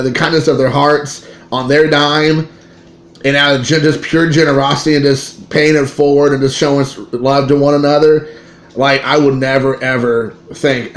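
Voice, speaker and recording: A man, a father in his thirties, telling a card-collecting story in a rambling, excitable way with many restarts. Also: mid-range voice. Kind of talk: casual storytelling to camera. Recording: echoey room with faint ambient noise.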